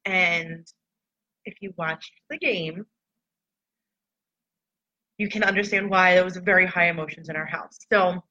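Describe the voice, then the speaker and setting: A woman's voice: lowish voice, fairly even intonation, unhurried, pauses often, sharp tone. A woman talking casually and candidly to her online followers in a reflective, loose storytelling way. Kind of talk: casual personal talk to followers. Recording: dull lo-fi recording.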